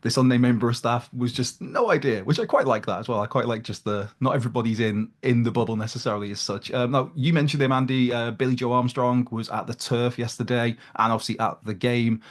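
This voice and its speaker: A man talks quickly in a casual podcast chat. His delivery is rapid, and his humor is dry and teasing. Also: medium pitch, steady tone. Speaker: podcast co-host.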